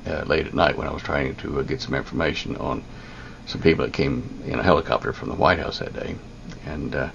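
An older man telling a long personal story, halting, with many ums and restarts. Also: a bass voice, vocal fry, fairly bright tone, dull audio, a little hiss or hum. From United States. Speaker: interviewee.

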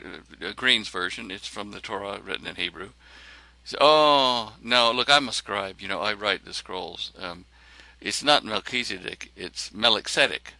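A man telling a personal story in a lively way, acting out the lines of the people in it. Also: on the low side, normal speed, vocal fry, no room sound. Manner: animated, acts out other people's lines.

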